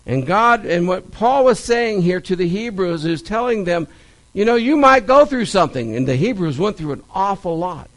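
A man's voice: high voice, normal speed, rough recording. A man preaching a sermon and Bible study in a church, telling stories with lots of animation and repeating key phrases for stress. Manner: animated storytelling, stressed repetitions.

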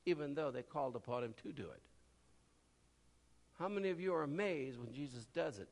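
High, lively preacher in a reverberant hall. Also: male voice, a little fast, pauses often. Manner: swings from loud cries to low murmurs, acts out voices. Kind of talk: sermon.

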